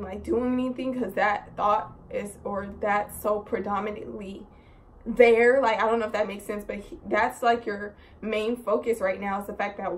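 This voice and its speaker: A woman's voice: mid-range voice, a little hiss or hum. A young woman vlogging a story in a casual, rambling way, filling her talk with "like" and "so" and swearing in exasperation. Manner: rambling, animated, heavy use of "like" and "so".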